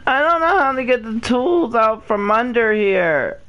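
A woman's voice: a little high, a little slow, few pauses, fairly bright tone. A woman playing a video game and commenting, frustrated and whiny, pleading with her viewers for help. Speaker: gamer. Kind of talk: let's-play commentary.

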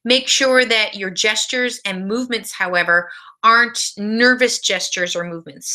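Bright-voiced woman giving a lecture. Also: mid-range voice. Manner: direct instructive tone with practical tips. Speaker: college speech instructor. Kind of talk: recorded video lecture.

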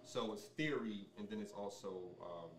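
A man with a fairly low voice talks through his subject as an interview guest, relaxed and explanatory, often pausing with ums and restarting sentences. He sits a little back from the mic in a roomy, echoing space with faint background noise. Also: far from the mic. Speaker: sommelier guest. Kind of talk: casual interview conversation.

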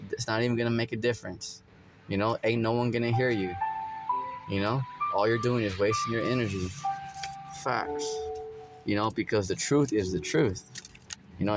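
A middle-aged male preacher reading scripture and explaining it in a casual, conversational way, full of "you know" fillers. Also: on the low side. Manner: conversational, many "you know" fillers, acts out everyday quotes. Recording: music playing under the voice.

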